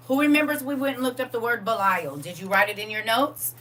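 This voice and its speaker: A woman's voice: mid-range voice, animated, brisk, fairly bright tone, far from the mic, slight background noise. A woman leading a casual livestream reading, playful and joking with her chat and laughing often.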